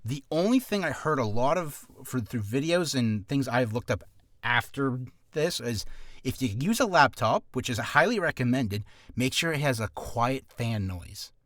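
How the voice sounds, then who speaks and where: A man's voice: medium pitch, normal speed, dry recording. A man who is an aspiring voice actor talks through a casual tutorial vlog from a home studio, rambling and correcting himself as he goes. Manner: rambling, self-correcting, animated.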